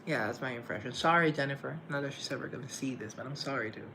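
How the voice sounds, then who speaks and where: A man's voice: medium pitch, fast talker, pushed and bright, slight background noise. A man chatting casually on a live stream, self-deprecating and playfully sarcastic.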